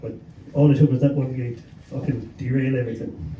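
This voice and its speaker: An Irish man tells a story to a panel audience, swearing freely and chuckling as he goes. He sounds far from the mic in an echoey pub room, with a steady hum of background noise. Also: mid-range voice, fast, lo-fi sound. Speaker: panelist, gig promoter. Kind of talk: anecdotal storytelling on a live panel. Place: pub venue with a live audience.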